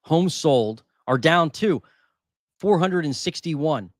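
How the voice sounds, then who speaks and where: Here the housing market host sounds animated, his voice on the high side, and he takes it slowly. It's a dry recording with clean studio sound. He reads through market figures in a casual, live way, thinking aloud and going over numbers again.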